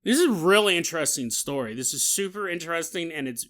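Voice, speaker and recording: A man hosting a podcast, telling a story in a joking, animated way with laughing asides. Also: on the high side, fast talker. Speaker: podcast host. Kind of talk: comedic storytelling.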